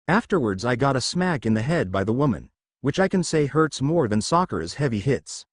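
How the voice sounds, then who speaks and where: Expressive man reading fan fiction. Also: medium pitch, a little fast, no echo, clean studio sound. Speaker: narrator.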